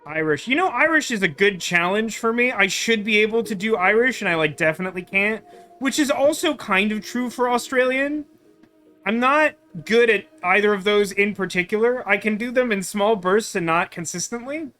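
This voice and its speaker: A man's voice: sits high, animated, moderate pace, pushed and bright, soft background music. A man streaming a game, chatting with viewers in a rambling, self-deprecating way. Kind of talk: casual game commentary.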